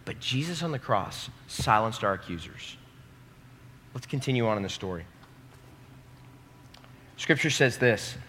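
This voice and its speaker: Young male preacher, bright and forceful, emphatic sermon delivery with crowd call-and-response, long hall reverb. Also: mid-range voice, expressive, measured pace, pauses often, slight background noise. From American Midwest. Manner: emphatic, rising to loud peaks, calls the audience to repeat lines. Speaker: pastor. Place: large hall before a live congregation.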